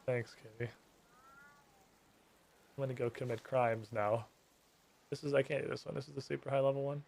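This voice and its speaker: A man's voice: medium pitch, completely flat delivery, moderate pace, gravelly, pauses often, darkish tone. A man streaming a game, chatting casually, swearing often and reading the dialogue aloud. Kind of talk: casual gameplay commentary.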